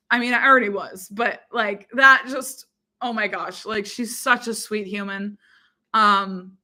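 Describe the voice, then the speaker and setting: A woman's voice: fairly high pitch, pushed and bright. A woman chatting casually with viewers and reading their comments, bubbly and giggly, with lots of fillers. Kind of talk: casual chat.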